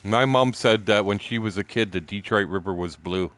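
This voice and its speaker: An older Canadian man in his sixties, telling stories in a rambling, profane way while he plays. His voice sits on the low side, and he laughs easily between his tangents. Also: moderate pace, a bit bright. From southern Ontario, Canada. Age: 60s. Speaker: gaming streamer. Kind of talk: casual storytelling while gaming.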